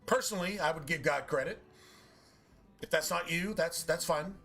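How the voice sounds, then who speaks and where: A man's voice: on the high side, normal speed, creaky, fairly bright tone, soft background music. A man streaming a game and ranting casually, swearing often in a preachy, emphatic way. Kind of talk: casual rant while gaming.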